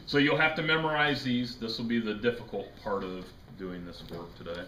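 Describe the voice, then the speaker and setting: A man's voice: mid-range voice, steady tone, fairly quick, pushed and bright. A man teaching a chemistry class, lecturing casually, joking and quizzing his students. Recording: echoey classroom with faint noise.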